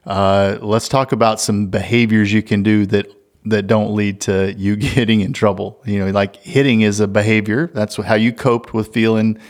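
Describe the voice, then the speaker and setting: A middle-aged man, a guest, giving parenting advice in an animated way and acting out family exchanges. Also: fairly low pitch, normal speed. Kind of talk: conversational advice.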